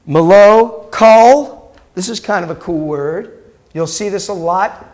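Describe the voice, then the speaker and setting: Speaking slowly in a high-sitting, somewhat dark voice, a middle-aged rabbi lectures his Hebrew class, patiently saying words aloud again and again as he tests his students with questions.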